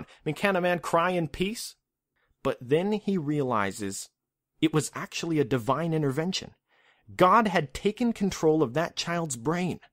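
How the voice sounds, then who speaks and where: A man's voice: mid-range voice, dry recording, clean studio sound. Casual, wry male podcast host. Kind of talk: scripted podcast narration.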